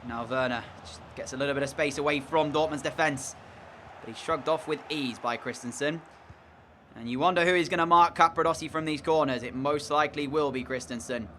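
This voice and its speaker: A man's voice: fairly high pitch, brisk, sharp tone, a little hiss or hum. A man giving casual commentary over his own football video game, frustrated and groaning at mistakes. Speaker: gaming commentator.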